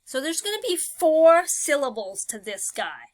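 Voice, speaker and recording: A woman's voice: high-pitched, sing-song, measured pace, dry recording. A woman teaching a phonics lesson, talking patiently and thinking aloud with many fillers.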